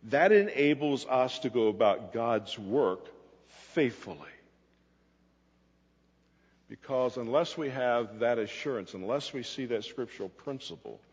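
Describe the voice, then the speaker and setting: A man's voice: medium pitch, lively intonation, normal speed, husky, in a large hall, highs cut off. A man preaching a sermon, emphatic, asking questions and answering them himself. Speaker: pastor.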